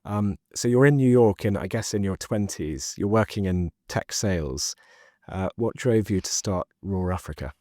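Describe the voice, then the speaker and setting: A man hosting a podcast, asking measured, slightly halting interview questions. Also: low voice, expressive, dark tone, no echo, clean studio sound. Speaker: podcast host.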